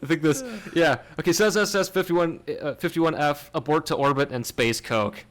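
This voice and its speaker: A man's voice: fairly high pitch, moderate pace, fairly bright tone. A man hosting a podcast, chatting casually and jokingly about space missions, laughing often as he explains. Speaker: podcast host. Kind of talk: casual chat.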